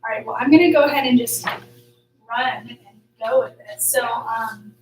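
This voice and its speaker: A woman's voice: fairly high pitch, unhurried, a little mellow, recorded from a distance, a little hiss or hum. A woman life coach hosting a small workshop group, talking in a chatty, upbeat way with many fillers. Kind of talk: casual group workshop talk. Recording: echoey room, voice from off-mic.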